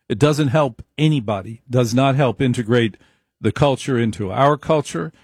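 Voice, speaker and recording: A man's voice: medium pitch, darkish tone, breathy edge, no echo, clean studio sound. A man giving an opinionated monologue, emphatic, repeating his points and wandering into asides.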